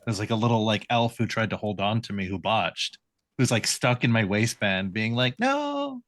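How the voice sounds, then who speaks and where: A man's voice: fairly low pitch, steady tone, normal speed, fairly bright tone, dry recording, studio quality. A man playing in a tabletop game, joking around playfully. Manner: playful, jokes. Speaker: player. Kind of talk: casual tabletop play.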